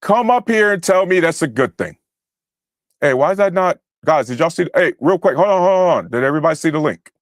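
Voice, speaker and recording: Man, livestream host, heated profane rant, high-pitched, dry close sound. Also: lively intonation, fairly quick, no room sound. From United States. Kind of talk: angry livestream rant at chat.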